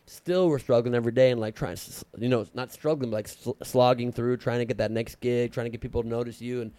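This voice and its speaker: A man in his late thirties, a comedian, telling stories in an animated, casual podcast chat. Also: mid-range voice, no echo. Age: late 30s. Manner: fast, animated storytelling with fillers.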